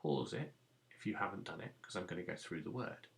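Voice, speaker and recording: A man teaches young children phonics in a recorded lesson. His low, gravelly voice moves slowly, rising and falling in a lively, sing-song way as he patiently sounds out each letter. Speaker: primary school teacher.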